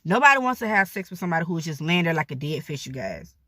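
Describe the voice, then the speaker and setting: A woman's voice: low voice, very animated, racing, fairly bright tone, no echo. A woman vlogger giving casual advice, speaking candidly and addressing her viewers directly.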